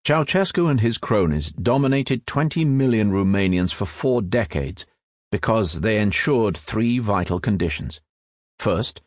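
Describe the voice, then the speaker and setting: A man reading nonfiction as an audiobook narrator, in a measured, even storytelling delivery. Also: lowish voice, no room sound, clean studio sound.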